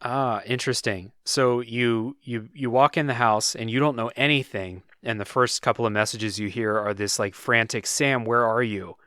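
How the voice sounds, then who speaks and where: A man's voice: mid-range voice, moderate pace, few pauses, dry recording, clean studio sound. A man hosting a podcast, chatting casually and retelling a game's story with lots of filler words. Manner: relaxed storytelling, many "like"s. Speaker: podcast host. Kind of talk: casual chat.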